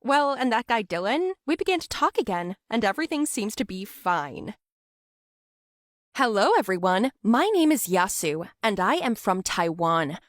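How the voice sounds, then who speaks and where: A young woman giving scripted narration for an animated story. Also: mid-range voice, moderate pace, dry recording, clean studio sound.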